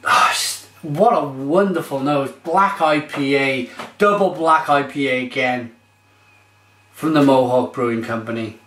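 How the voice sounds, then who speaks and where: A man's voice: mid-range voice, a little slow, fairly bright tone, reverberant, a little hiss or hum. A man reviewing beer on his vlog, gushing and exclamatory as he describes it.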